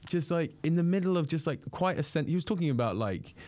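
A young man in his twenties, a guest impressionist, telling stories in a casual podcast chat, animated and laughing, full of "like". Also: a little high, quick pace, no echo.

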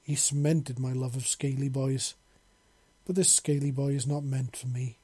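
A man's voice: medium pitch, flat delivery, moderate pace, slightly rough, no room sound, close to an everyday voice. A man reading a storybook, voicing a confident, flirtatious female lizard-folk woman who talks boldly and teasingly. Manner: bold, teasing, warm-hearted.

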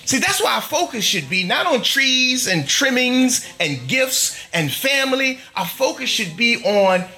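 A middle-aged man preaching in church with a high, bright voice that swings widely in pitch. He presses his points emphatically, stacking long rhythmic lists. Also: very animated, measured pace, hardly any pauses. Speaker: pastor. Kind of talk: sermon. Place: church before a congregation.

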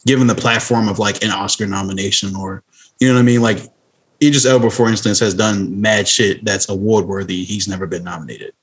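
A man's voice: lowish voice, breathy edge. A man co-hosting a podcast, talking in a laid-back, earnest, slangy way in casual chat. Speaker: podcast co-host.

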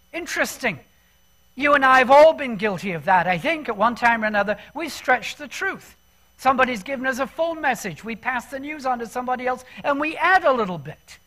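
High-voiced male preacher, lively and talky. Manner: conversational and animated, asks the congregation questions. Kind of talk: sermon.

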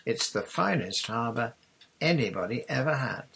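A man's voice: medium pitch, expressive, normal speed, vocal fry, a bit bright, husky, pitched above the performer's own voice, heavily acted. A man voicing an imaginative young girl on a sailing adventure in a storybook reading, speaking with dreamy drama. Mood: wondering.

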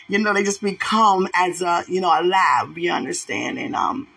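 A woman who runs a ministry, praying out loud and talking about her faith in a fervent, exclamatory way. She swings from loud bursts of praise down to quiet murmurs. Her voice is bright and a little husky. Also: animated, normal speed. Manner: swings between loud outbursts and low murmurs. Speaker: ministry leader. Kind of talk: spontaneous prayer and spiritual talk.

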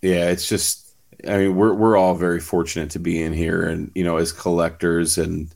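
Brief: deep-voiced man, casual rambling storyteller, heavy fillers, swears freely. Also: little pitch movement, normal speed, creaky, a little mellow. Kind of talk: casual chat.

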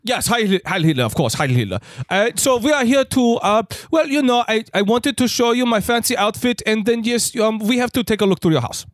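A man voicing a pompous German fashion designer officer in a put-on German accent, preening and halting, tacking on "yes?". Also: high-pitched, expressive, dry recording, clean studio sound. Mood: smug. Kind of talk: improvised comedy sketch.

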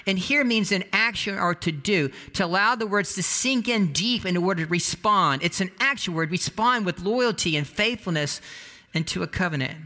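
High, bright-voiced male preacher. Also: moderate pace. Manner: conversational, animated storytelling with many restarts. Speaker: pastor. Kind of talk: sermon.

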